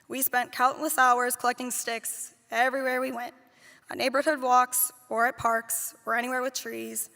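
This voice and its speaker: High, gravelly woman reading a eulogy. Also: level tone, moderate pace, bright, forceful tone. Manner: heartfelt, tender, fond storytelling. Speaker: nanny giving a eulogy. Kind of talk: read memorial speech. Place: large theater hall. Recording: long reverb of a large hall.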